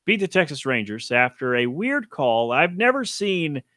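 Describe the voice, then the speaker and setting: A man's voice: a little high, very animated, normal speed, bright, forceful tone, no echo, studio quality. A man hosting a casual solo podcast, rambling offhand and self-deprecating about sports, with casual swearing. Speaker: podcast host.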